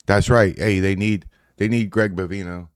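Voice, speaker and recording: A man's voice: sits low, fairly even intonation, normal speed. A man hosting a casual reaction show, talking bluntly and profanely, rambling with restarts as he reacts to posts. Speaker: show host reacting to social media posts. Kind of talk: casual live reaction commentary.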